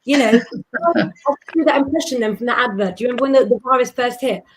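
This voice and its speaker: A woman chats casually as host of a live stream, her voice sitting a little high. She rambles playfully and trips over her words, with a faint hiss under the sound. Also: fast, low-quality recording.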